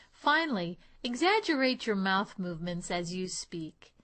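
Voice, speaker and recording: A woman accent coach giving a clear, measured speech lesson. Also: mid-range voice, a bit bright. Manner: clear, measured teaching delivery. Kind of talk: instructional lesson.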